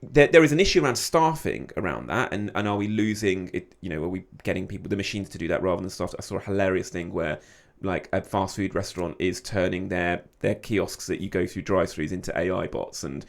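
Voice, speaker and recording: Lower-voiced man, animated discussion. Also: fairly quick, creaky. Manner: animated, repeats words while thinking aloud. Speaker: podcast guest, media producer. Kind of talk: casual media discussion.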